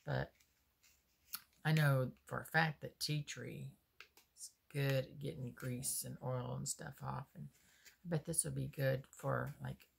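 Woman, gravelly voice, slow unhurried chat, musing aloud, lowish pitch. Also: fairly even intonation, slight background noise. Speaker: vlogger unboxing soap. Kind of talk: casual unboxing chat.

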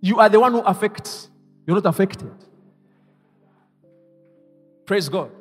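A man preaching a sermon as pastor, leading the congregation to repeat his lines and moving between hushed asides and loud exclamations. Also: sits high, expressive, moderate pace, breathy edge, faint music behind. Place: church hall. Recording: reverberant church hall.

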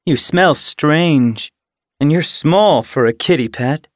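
A man voicing a suspicious, sharp-tongued female rogue cat in an audiobook, speaking with withering scorn. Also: a little high, takes it slowly, no room sound, clean studio sound, pitched above the performer's own voice. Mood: scornful.

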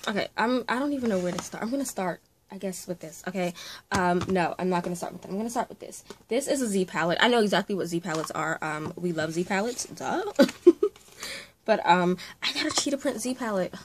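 A young woman, a makeup artist, chatting through a casual unboxing vlog, gushing and often dropping into breathy whispered exclamations. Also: on the low side, expressive, a little fast, a little hiss or hum.

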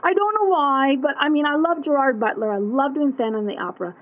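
A woman's voice: high-pitched, fast talker, low-quality recording. A woman vlogging at home at night, chatting to her camera in a rambling way with many fillers and restarts. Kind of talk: casual rambling monologue to camera. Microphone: camera that tracks her.

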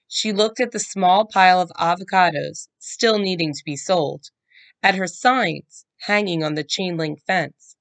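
A woman reading a children's chapter book aloud, with slow, expressive storytelling. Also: low-pitched. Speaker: guest reader.

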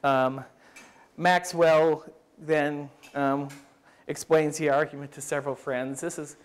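A man's voice: fairly high pitch, steady tone, slow. A man giving an academic lecture at a summer school, thinking aloud with frequent restarts and speeding through quoted passages.

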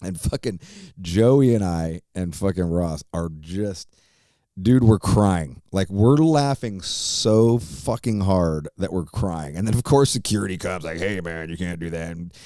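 Deep-voiced man telling a rambling story. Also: unhurried, dark tone, dry recording, clean studio sound. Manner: profane, rambling, lots of fillers. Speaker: podcast host. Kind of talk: casual storytelling.

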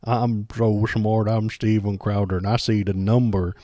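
A man's voice: fairly low pitch, fairly even intonation, unhurried, warm tone, no room sound, natural voice. A man doing a dopey, grunting blowhard. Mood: mocking. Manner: dopey grunting, broken simple grammar. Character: dim-witted blustering grown man, mocking caricature.

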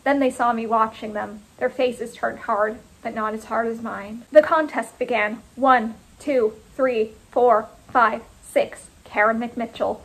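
A woman author reading her own first-person short story in a clipped, deliberate delivery. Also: on the high side, steady tone, poor audio.

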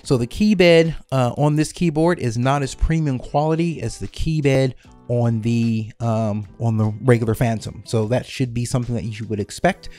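A man's voice: medium pitch, normal speed, darkish tone, faint music behind. A man talking casually through a detailed product comparison, repeating numbers for emphasis. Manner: conversational, repeats figures for emphasis. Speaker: keyboard reviewer.

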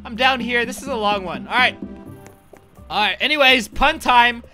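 A man hosting a gaming video, hyped and joking with loud bursts of excitement. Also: extremely high pitch, normal speed, faint music behind. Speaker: gaming YouTuber host. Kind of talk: excited let's-play commentary.

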